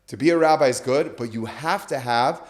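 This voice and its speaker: A man's voice: medium pitch, a little fast. A man on a podcast, telling a story with animation and acting out the quoted dialogue. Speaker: guest speaker.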